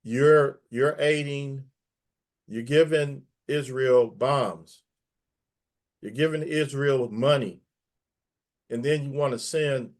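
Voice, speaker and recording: A man speaking as a guest on an online panel, emphatic and opinionated, often repeating words. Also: mid-range voice. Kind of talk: casual panel discussion.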